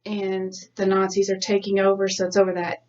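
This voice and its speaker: A woman's voice: mid-range voice, completely flat delivery, brisk, darkish tone. A woman co-hosting a podcast in a rambling casual chat, laughing often. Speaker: podcast co-host. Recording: dull lo-fi sound from a distance.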